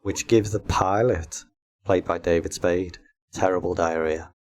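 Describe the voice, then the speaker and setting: A man co-hosting a casual podcast, his voice sitting fairly low. He reads out daft comedy pitches and keeps breaking into laughter. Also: steady tone, a little slow, a little mellow. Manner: pitches silly comedy film ideas, laughs often. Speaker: podcast co-host. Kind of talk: casual chat.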